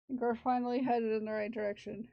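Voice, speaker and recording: A woman's voice: fairly high pitch, level tone, fast talker, gravelly. A woman streaming live, chatting casually with her viewers while working on a crafting project, laughing and talking to herself. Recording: slightly dull lo-fi stream audio.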